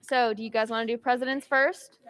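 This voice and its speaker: A woman's voice: on the high side, steady tone, a little fast, a bit bright, dry recording. A young woman hosting a casual campus game and cheering the players on. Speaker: host running a campus game.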